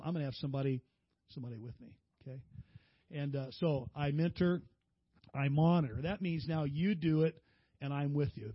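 A middle-aged man preaching, telling a long personal story in a folksy, animated way and raising his voice for the people he quotes. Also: on the high side, dry recording, muffled recording. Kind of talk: storytelling sermon.

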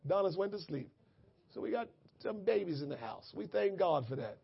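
Male pastor, high and husky voice, casual preaching into fervent prayer, muffled recording. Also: lively intonation, brisk. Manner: conversational preaching building to fervent shouted prayer. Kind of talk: sermon and prayer. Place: church.

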